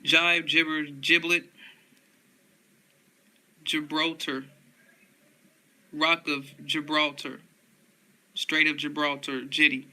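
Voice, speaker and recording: A man slowly reading dictionary headwords aloud in a flat monotone, often restarting words. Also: a little high, poor audio.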